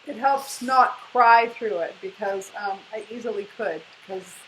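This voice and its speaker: A woman's voice: medium pitch, measured pace, slight background noise, low-quality recording. A woman in her forties, co-hosting a casual video and reading aloud from her old journal, earnest but often breaking into laughter. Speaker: co-host sharing her spiritual journey.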